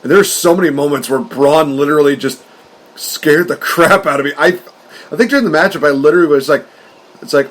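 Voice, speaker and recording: A man co-hosting a podcast, talking in an excitable, rambling way and laughing often. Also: a little high, quick pace. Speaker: podcast co-host. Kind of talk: casual wrestling chat.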